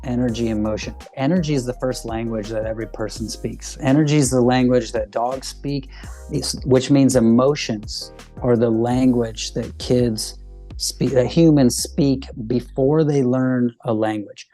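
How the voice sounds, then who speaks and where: A man speaking as an interview guest, animated and explaining with examples. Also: medium pitch, unhurried, soft background music. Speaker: guest, parenting coach. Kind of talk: casual interview talk.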